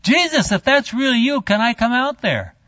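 A man voicing the fisherman Peter, pitching his voice up excitedly in a dull, dry, lo-fi recording. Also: normal speed, no echo, long reverb tail. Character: eager male fisherman Peter, awed and boastful.

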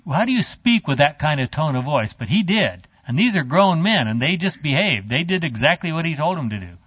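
Brief: male Bible teacher, chatty storytelling, slightly high voice, dry muffled sound. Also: breathy edge, no echo. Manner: animated, halting, chatty. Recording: dull lo-fi dry.

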